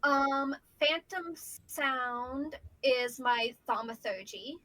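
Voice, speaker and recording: A woman with a fairly high voice plays a tabletop game. She lays out her character's actions deliberately, one step at a time. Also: fairly bright tone, low-quality recording. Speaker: player. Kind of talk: casual tabletop game talk.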